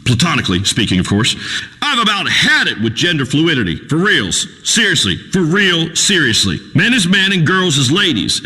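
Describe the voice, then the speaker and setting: An actor playing a crude, boastful redneck talk radio host in a video game, ranting in a folksy drawl. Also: male voice, fairly high pitch, husky, long reverb tail, heavily acted. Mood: swaggering. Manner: loud folksy swaggering rant, Southern drawl.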